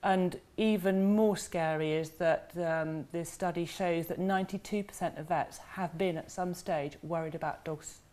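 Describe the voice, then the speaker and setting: A woman's voice: on the low side, steady tone, darkish tone. A woman, a dog behaviour expert guest, talking casually in a TV studio and acting out dogs and owners as she explains. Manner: chatty, acts out dogs and owners in quick voices.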